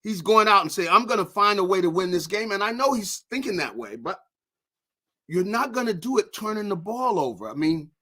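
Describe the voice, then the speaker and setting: A man's voice: sits high, lively intonation, a little fast, sharp tone. A man speaking as a guest football analyst in a casual, rambling way with many restarts. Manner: rambling, lots of restarts and "you know". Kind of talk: casual sports talk.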